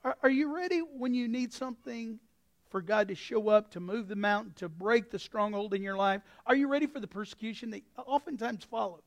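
A male pastor preaching a sermon with a folksy, anecdotal manner, swinging from quiet asides to sudden shouts. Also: sits high, a little fast. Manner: impassioned, breaks into sudden shouts.

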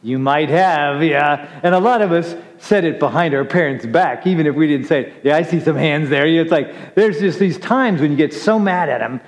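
A middle-aged male pastor gives a chatty, joking sermon in a church sanctuary, teasing himself and his congregation. His voice is fairly high, at a moderate pace with hardly any pauses. The recording is dull, with long hall reverb.

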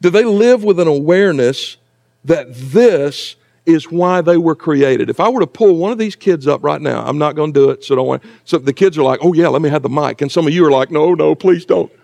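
A middle-aged pastor with a notably high-pitched voice delivers a sermon. He preaches conversationally, slipping in joking asides to his congregation. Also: brisk, gravelly, darkish tone. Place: church sanctuary.

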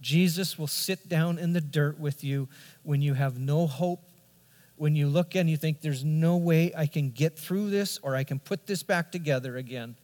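A man's voice: fairly high pitch, normal speed, darkish tone. A middle-aged man preaching a sermon as a pastor, telling a family story earnestly and building to emphatic points. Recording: long reverb of a large hall.

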